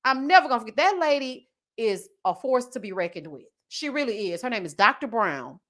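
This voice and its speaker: A young woman tells a story with sass and drama. Her pitch is fairly high and swings widely, rising and falling with each point she makes. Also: sing-song, fairly quick, a bit bright. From Houston, Texas. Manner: sassy, dramatic, acts out quoted voices. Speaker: commentary channel host. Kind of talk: storytelling chat.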